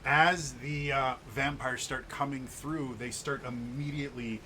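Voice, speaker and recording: A man's voice: medium pitch, fairly even intonation, a little slow, pushed and bright. Man, game master, tabletop narration, stammers and repeats words, noisy recording. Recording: noisy home mic.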